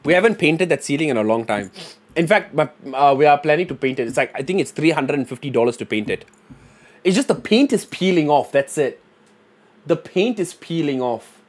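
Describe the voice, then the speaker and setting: On his livestream, a young man from Singapore jokes around and rambles, peppering his talk with fillers and "bro." He speaks fairly quickly in a fairly high, animated voice.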